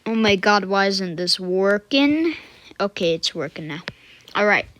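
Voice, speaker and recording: A woman walking through a coding tutorial in a casual way, thinking aloud with fillers and self-corrections and muttering quiet asides to herself as she works at her computer. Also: mid-range voice, expressive, a little slow, no echo. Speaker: tutorial maker.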